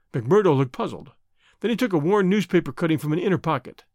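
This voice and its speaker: A man narrating a classic story in a measured, expressive storytelling voice. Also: fairly high pitch, no echo, studio quality. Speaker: audiobook narrator.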